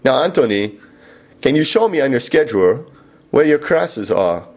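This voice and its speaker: A man's voice: mid-range voice, sing-song, normal speed, darkish tone, husky. Man playing a pedantic quality control manager. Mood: officious.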